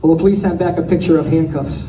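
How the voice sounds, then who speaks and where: Man, high pitch, very mellow tone, delivering a roast toast with punchlines; distant mic in an echoey hall. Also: fairly even intonation. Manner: rapid one-liner punchlines. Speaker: speaker giving a birthday toast. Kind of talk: joke-filled roast speech.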